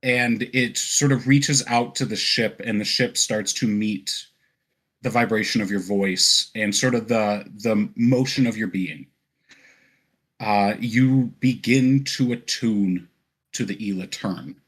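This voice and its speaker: A man narrating a tabletop game as game master, relaxed and descriptive, with frequent fillers and laughs. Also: fairly low pitch, takes it slowly, slightly rough.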